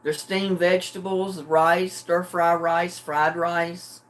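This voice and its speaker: Livestream host, older woman, homey easygoing chatter, relaxed and a bit sleepy. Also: lowish voice, takes it slowly. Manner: chatty, homey, chuckles often. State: drowsy and relaxed. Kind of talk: casual chat with live viewers.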